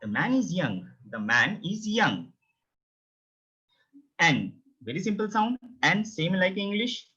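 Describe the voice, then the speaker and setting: A man's voice: sits high, very animated, slow, pauses often, pushed and bright, breathy edge. A man teaching a beginner language lesson, repeating each word several times. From India. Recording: dull, lo-fi sound.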